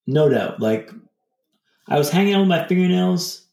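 Man with a gravelly voice, rambling. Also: on the high side, expressive, moderate pace, darkish tone, reverberant. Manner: loose and rambling, full of "like" fillers. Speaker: podcast guest. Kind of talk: casual reflective storytelling.

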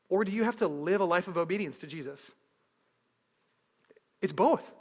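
A man preaching a sermon as pastor, telling stories in a lively way and asking the crowd one question after another. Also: high voice, moderate pace, pauses often, slightly rough, long reverb tail. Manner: lively storytelling with repeated rhetorical questions.

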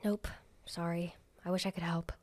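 On a dry recording, the older woman's raspy, gravelly voice sits on the low side, level in tone, moderately paced and a little mellow, with light acting. Using a Southern US accent, she plays a sarcastic, blunt, toothless diner waitress who chain-smokes and sometimes mutters quietly.

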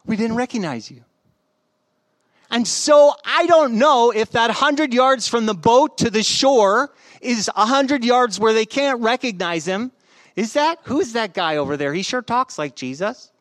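A man preaching a sermon in a relaxed, conversational way, telling stories with humor. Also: extremely high pitch, measured pace, dry recording. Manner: conversational, joking storyteller. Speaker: pastor.

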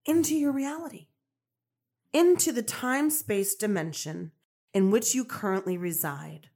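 A woman's voice: mid-range voice, measured pace, darkish tone. A woman hosting a spiritual self-help podcast, talking emphatically in repeated affirmations and swearing casually. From Colombian-American. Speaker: podcast host. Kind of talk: motivational spiritual podcast monologue.

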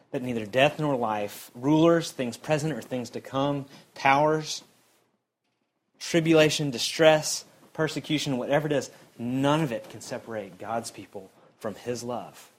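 A young man preaching a sermon in a conversational way, his voice swinging between loud emphasis and quiet, low passages. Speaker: pastor.

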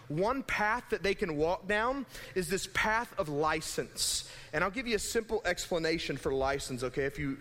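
Young man, pastor, lively conversational sermon, high voice, reverberant church hall. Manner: conversational, animated, acts out imagined voices. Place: church sanctuary.

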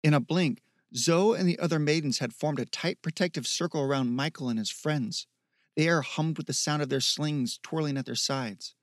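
A man's voice: fairly high pitch, moderate pace, no echo, studio quality. Man narrating a fantasy audiobook.

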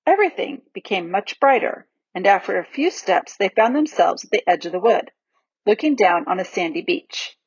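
A woman reading a children's novel aloud in a lively, expressive storybook narration, in a dull, dry recording. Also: medium pitch, normal speed, husky, no echo. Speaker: audiobook reader.

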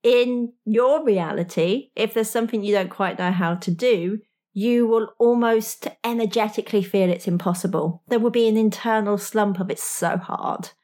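A woman coaching straight at the listener in a motivational talk. Her voice sits at an ordinary middle pitch. Her delivery is frank and slangy, and she drops in small laughs. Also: moderate pace, darkish tone.

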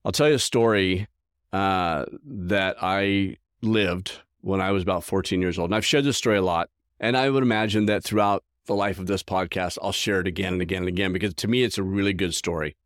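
Enthusiastic guy hosting a podcast, kinda low voice, chatty storytelling. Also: fairly quick, no echo, studio quality. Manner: earnest, enthusiastic. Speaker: podcast host. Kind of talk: casual storytelling monologue.

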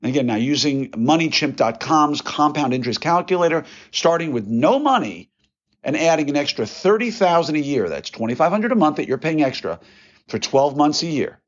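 A man's voice: a little high, sing-song, fairly quick, highs cut off. A man hosting his own podcast, talking casually and folksily while working through numbers aloud. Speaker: podcast host, orthodontist. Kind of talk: casual solo podcast monologue.

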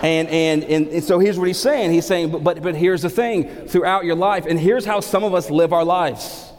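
Man, pastor, sermon, animated, rhetorical questions, slightly high voice, echoing sanctuary. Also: normal speed, a little hiss or hum. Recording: long hall reverb.

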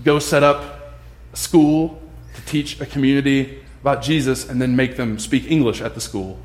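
Speaking in a mid-range voice at a moderate pace, a pastor gives a relaxed, chatty sermon. He's lively and performs the voices of the characters in his story, recorded in an echoey room.

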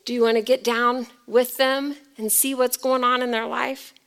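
A woman pastor preaching a dramatic sermon. She swings from loud emphasis to near whispers and puts rhetorical questions to the congregation. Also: on the high side, little pitch movement, normal speed.

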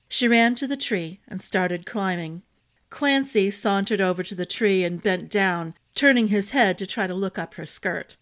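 A woman storyteller reading a fantasy novel aloud in a steady, expressive narration. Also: medium pitch, moderate pace.

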